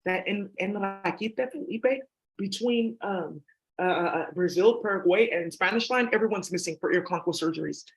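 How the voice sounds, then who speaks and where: A man's voice: high-pitched, moderate pace, rough recording. A man talking to his viewers in a rambling, profane, scattered and conspiratorial way. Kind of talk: rambling casual monologue.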